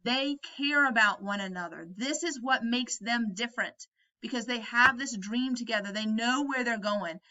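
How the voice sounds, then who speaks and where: A woman's voice: fairly high pitch, normal speed, sharp tone, lo-fi sound. A woman teacher explaining a novel to students in a conversational way, often checking whether they follow. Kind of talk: recorded lesson reviewing a novel.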